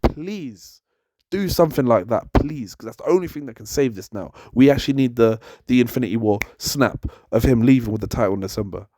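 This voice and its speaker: A man's voice: mid-range voice, animated, a little fast, warm tone, dry recording, clean studio sound. Exasperated man ranting. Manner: exasperated, emphatic, repeats his points. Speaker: wrestling commentator and channel host. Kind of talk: heated opinion rant.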